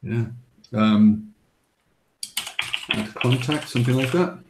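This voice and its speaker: A man's voice: mid-range voice, slow. A man in a casual technical chat on a video call, hesitant and repeating words while he codes. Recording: echoey room with noise.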